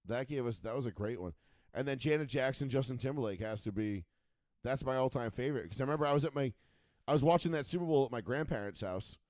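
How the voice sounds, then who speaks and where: A man's voice: medium pitch, lively intonation, quick pace, darkish tone, dry recording, studio quality. A man in his thirties co-hosting a call-in sports chat show, telling rambling stories full of fillers and swearing. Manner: profane, rambling storyteller with many fillers. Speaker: radio show co-host.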